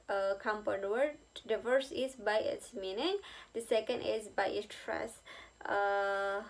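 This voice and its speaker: A woman giving a recorded lecture, halting with many fillers, repeating her examples and checking whether the listener follows. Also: on the high side.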